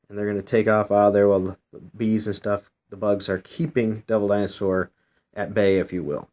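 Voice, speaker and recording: A man with a fairly low voice talks through a comic book in a relaxed, rambling way. He leans on filler phrases and stops to put questions to his audience. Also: brisk. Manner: chatty, rambling, frequent "you know"; asks viewers questions directly. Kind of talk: casual review commentary.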